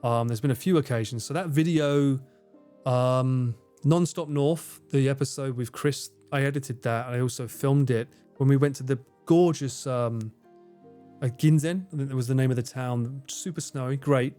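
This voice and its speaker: In a room at home with the air conditioning on, a British man in his forties livestreams, reading and answering viewer comments casually while swearing freely and laughing often. He has a mellow, medium-pitched voice at moderate speed, with soft music playing.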